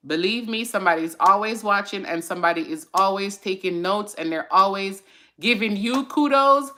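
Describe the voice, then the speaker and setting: Bright-voiced chatty woman host. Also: medium pitch, normal speed. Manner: chatty and encouraging, with fillers and side remarks to viewers. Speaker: host of a mental health segment. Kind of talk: casual live-stream chat.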